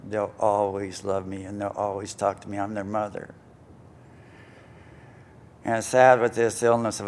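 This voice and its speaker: An older man with a lowish voice tells his own story to a conference crowd. He rambles, leans on fillers and jokes at his own expense. A faint low rumble sits under the recording. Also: darkish tone. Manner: rambling, self-mocking, many fillers. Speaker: recovery meeting speaker. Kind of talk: personal story talk to an audience. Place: conference hall stage.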